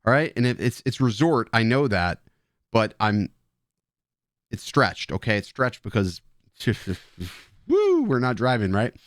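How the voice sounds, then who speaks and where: A man's voice: medium pitch, wildly swooping pitch, unhurried, pauses often, no echo. Joking, swearing man, dry close sound. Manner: rambling, joking, profane banter with chat; drinking beer while talking. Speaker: live stream host. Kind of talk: casual live stream chat.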